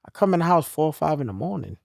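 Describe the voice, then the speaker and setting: A young man from New talks in a casual chat. He tells his stories in a lively, up-and-down voice, dropping low and quiet, then rising loud. The sound is close and dry. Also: rapid-fire, vocal fry, no echo. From New York. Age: young adult. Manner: animated storytelling, swings from low and quiet to loud. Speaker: podcast guest telling his story. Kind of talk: casual conversation.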